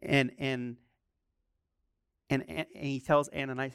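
A man's voice: medium pitch, fairly even intonation, measured pace, long pauses, clean tone, no echo, clean studio sound. A man preaching a sermon as a pastor, telling stories, asking rhetorical questions and acting out the voices he quotes.

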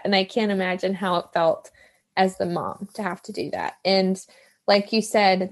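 Tearful woman host, affirming. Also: medium pitch. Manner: warm, affirming, emotional, many soft backchannels. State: near tears. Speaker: podcast host. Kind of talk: emotional interview chat.

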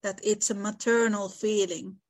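A woman's voice: medium pitch, level tone, a little slow. A woman hosting a casual discussion about a classic novel, thoughtful and reading passages aloud. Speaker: podcast host.

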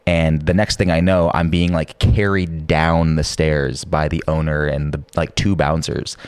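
In casual chat, a young man tells a rowdy anecdote, swearing freely, filling it with filler words, and switching to high voices for quoted lines. Otherwise his voice is smooth and unhurried with little pitch movement, recorded dry.

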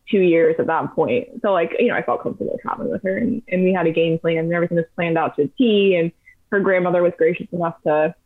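A young woman spins lively stories as a podcast guest. She talks casually, throwing in plenty of fillers. Her voice sounds thin and narrow, as if heard over a phone. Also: lowish voice. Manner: animated, chatty, many fillers. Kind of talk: casual storytelling chat.

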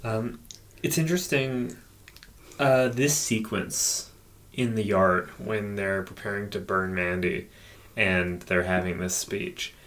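A man in casual conversation, picking apart a film with an animated, profane delivery that slows down to stress key points. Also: fairly low pitch. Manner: animated, profane, drawn-out emphasis.

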